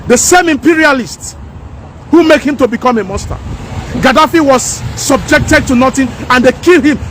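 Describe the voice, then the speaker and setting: A woman rants fervently to her camera outdoors, hammering her points home by saying them twice. Her delivery is preachy and fiery. Light traffic hums faintly behind her. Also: high-pitched. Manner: fiery, preachy, repeats lines for emphasis. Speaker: vlogger. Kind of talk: impassioned opinion vlog. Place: outdoors by houses.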